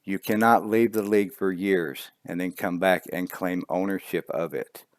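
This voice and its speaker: Man, very low voice, earnest, halting, repeats words, dry close sound. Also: steady tone, dry recording. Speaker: league admin. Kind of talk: emotional video statement.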